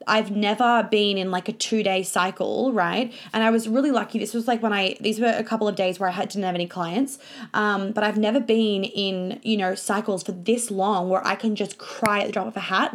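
A young woman telling a personal story in a casual confessional vlog, chatty and swearing freely. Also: medium pitch. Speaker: vlogger and coach.

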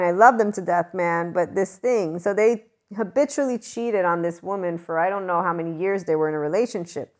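A woman giving a blunt, passionate spiritual monologue in a casual, unscripted way, swearing freely. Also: lowish voice. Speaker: spiritual commentator.

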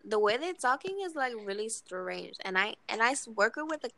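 A woman chatting casually with friends in a slightly high voice. She talks hesitantly and restarts her sentences, poking fun at her own attempts. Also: big pitch swings, normal speed, sharp tone. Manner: self-deprecating, hesitant restarts. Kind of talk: casual chat.

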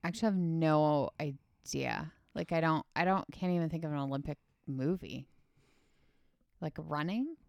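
A woman's voice: sits low, moderate pace, gravelly, darkish tone, no room sound, lo-fi sound. A young woman co-hosting a podcast, chatting casually with lots of likes and trailing-off sentences. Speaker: podcast co-host. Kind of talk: casual chat.

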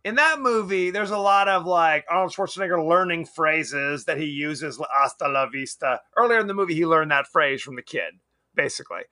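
A man with a high, lively voice co-hosts a casual movie podcast and talks with bright energy. He laughs often and acts out bits of dialogue as he goes. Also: brisk. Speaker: podcast co-host. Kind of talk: casual movie review chat.

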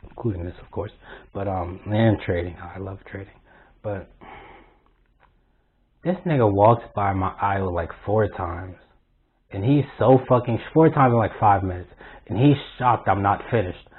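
Young guy venting a work story, cussing nonstop, husky voice, sounds like a phone mic. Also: fairly low pitch, normal speed, long pauses, narrow, tinny audio. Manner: blunt, animated, heavy swearing. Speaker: vlogger. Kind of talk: profane storytime rant.

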